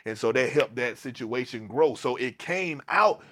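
A man's voice: medium pitch, moderate pace. A man, a podcast guest, telling a personal story in casual conversation, with frequent restarts and repeated phrases in African American Vernacular English. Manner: animated, repeats himself, restarts sentences.

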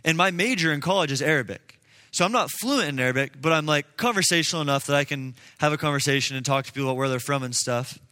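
Young man in his twenties, fairly high, bright voice, informal preaching with lots of "like", long hall reverb. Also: fast. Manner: casual, earnest, uses many fillers. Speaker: speaker addressing a group. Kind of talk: personal testimony and preaching. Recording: long reverb in a large room.

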